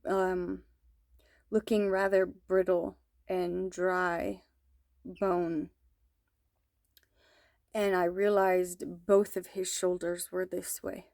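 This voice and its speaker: A mother slowly and earnestly recounting a troubling dream, with hesitant pauses. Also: on the low side, flat delivery, darkish tone, no echo, clean studio sound. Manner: slow, earnest, hesitant storytelling. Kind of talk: personal testimony.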